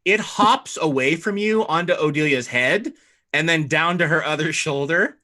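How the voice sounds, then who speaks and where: Man game master, bright tone, rambling easy narration. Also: on the high side, normal speed. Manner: loose, rambling narration with many fillers. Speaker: dungeon master.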